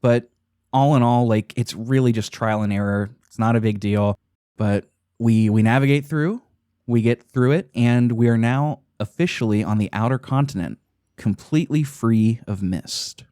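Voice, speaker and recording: A man's voice: medium pitch, moderate pace, mellow, clear, resonant tone, no echo, clean studio sound. A man hosting a podcast, enthusiastically recapping a video game in casual, profane chat, often laughing. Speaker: podcast host.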